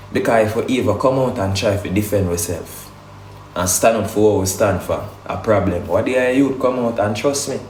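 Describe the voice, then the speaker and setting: A man's voice: lowish voice, a little mellow, slight background noise. A man with a Jamaican accent, ranting on a livestream in a heated, defensive way, often asking rhetorical questions. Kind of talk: heated casual rant. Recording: echoey room.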